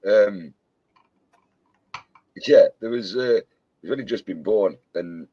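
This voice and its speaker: A British man with a lowish voice chats casually with friends while model making as a co-host, telling jokey stories and constantly quoting comedy films. He speaks slowly, and the recording sounds muffled.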